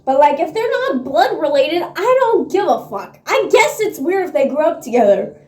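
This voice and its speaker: High-voiced woman, excitable slangy book vlogger, roomy echo on a phone mic. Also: normal speed. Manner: excitable, slangy, swears freely, laughs often. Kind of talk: casual reading vlog chat. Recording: echoey room on a phone mic.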